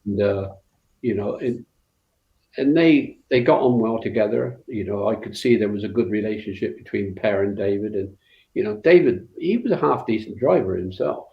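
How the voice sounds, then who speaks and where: Older West Country guest, rambling storyteller; roomy, lo-fi recording. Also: male voice, fairly low pitch, normal speed, gravelly. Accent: West Country English. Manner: rambling, full of fillers and restarts. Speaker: guest, former rally co-driver. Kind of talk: anecdotal interview storytelling. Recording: roomy, dull lo-fi sound.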